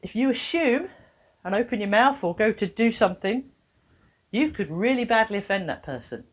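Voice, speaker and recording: A woman with a lively storytelling manner, a therapist giving a workshop talk who acts out the people in her stories. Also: on the high side, normal speed, breathy edge. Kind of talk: animated talk to an audience.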